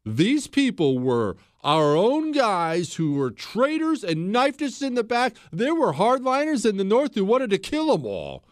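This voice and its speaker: A man's voice: sits high, wildly swooping pitch, a little slow, hardly any pauses, dry recording, clean studio sound. A man hosting a talk show, giving an emphatic, blunt history monologue and repeating phrases for stress.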